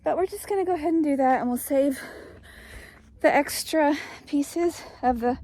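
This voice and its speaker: A woman's voice: high voice, moderate pace, dark tone. A middle-aged woman, casually chatting in a homestead vlog while walking outdoors. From East Tennessee. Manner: chatty, rambling, upbeat. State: out of breath. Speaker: homestead vlogger.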